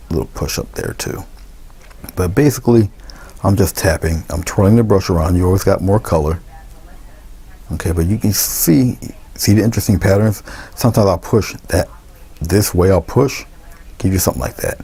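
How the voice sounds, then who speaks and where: A deep, gravelly man talks through a painting lesson in an easygoing way, pausing often with fillers and restarting his sentences. His voice is dark and husky. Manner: relaxed, thinking aloud with many fillers and restarts. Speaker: painting instructor. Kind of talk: casual painting tutorial.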